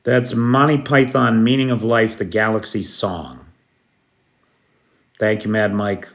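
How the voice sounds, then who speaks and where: Slow, gravelly-voiced man hosting a livestream. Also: lowish voice, fairly even intonation. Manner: blunt, outspoken, thanks viewers by name. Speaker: livestream host reading viewer comments. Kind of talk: casual live-stream chat.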